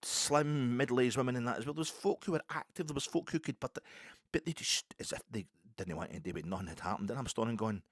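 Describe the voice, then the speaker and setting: A Scottish man in his fifties telling a rambling story in a casual monologue, full of restarts and sudden loud bursts. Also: medium pitch, fast talker, few pauses, dry recording, clean studio sound. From Scotland. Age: 50s. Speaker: podcast host.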